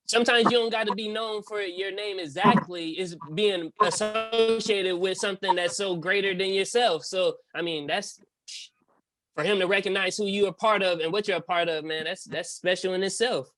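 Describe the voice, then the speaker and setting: A man's voice: high-pitched, fairly bright tone, a little hiss or hum. A man hosting a casual podcast, who keeps the chat moving and affirms his guest's points. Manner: affirming, quick to say "indeed" and laugh along. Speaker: podcast host.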